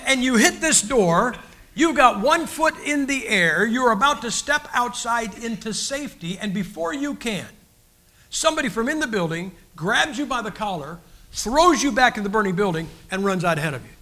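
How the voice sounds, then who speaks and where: Older preacher man, high voice, bright tone, folksy and joking, rambling sermon. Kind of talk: sermon with humorous stories.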